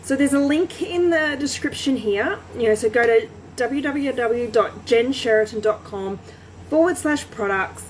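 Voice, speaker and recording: Chatty woman with a higher voice. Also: a little slow, a little hiss or hum, low-quality recording. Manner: chatty, many fillers and restarts. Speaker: small business coach. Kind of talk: casual talk to camera.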